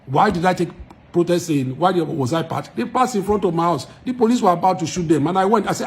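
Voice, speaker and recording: A man's voice: high voice, animated, fast, darkish tone. A man with a Nigerian accent, a musician speaking straight to his followers in an emphatic, argumentative way, repeating points for force. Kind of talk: direct-to-camera address to followers.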